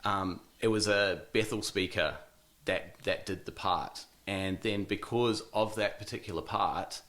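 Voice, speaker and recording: NZ man, 30s, interview guest; low voice, relaxed and halting, lots of fillers. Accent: New Zealand. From New Zealand. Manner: hesitant, many ums and restarts, laughs easily. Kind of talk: casual interview.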